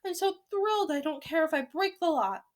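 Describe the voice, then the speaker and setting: A woman's voice: sits high, moderate pace, lightly acted. Woman doing a bold old grandmother. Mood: determined.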